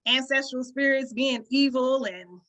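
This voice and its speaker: Her voice is high-pitched and fairly bright, and she keeps a measured pace as she casually addresses an online group. Hosting a community call with her Southern country twang from the rural southern US, she's conversational, with frequent "right?" check-ins and the occasional laugh.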